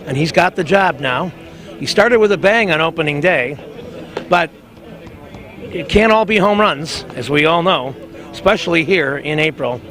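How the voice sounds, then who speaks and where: A man's voice: on the high side, lively intonation, moderate pace, pauses often, fairly bright tone. A man hosting a sports talk show, reading local ads in a chatty, upbeat way.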